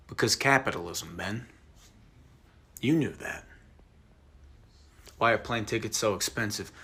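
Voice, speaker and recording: A husky man delivers a mock-serious comic lecture with an intense, deadpan edge. His pitch swings widely as he drops into hushed whispers and then bursts out loudly. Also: unhurried, long pauses. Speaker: comedy sketch creator.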